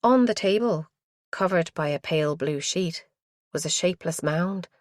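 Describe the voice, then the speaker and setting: A woman reading a crime thriller audiobook in a measured, suspenseful way. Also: fairly low pitch, expressive, no room sound, clean studio sound. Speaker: audiobook narrator. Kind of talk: scripted narration.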